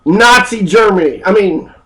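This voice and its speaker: A man's voice: high-pitched, a little slow, sharp tone, poor audio. A man giving an angry, profane history lecture, full of rhetorical questions and hesitant fillers. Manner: angry, ranting, heavy cursing, rhetorical questions. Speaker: speaker giving a political history talk.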